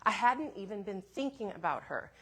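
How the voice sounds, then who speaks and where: A woman minister telling a personal story in a sermon, in a gentle, reflective way with soft asides. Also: mid-range voice, very animated, moderate pace, slightly rough.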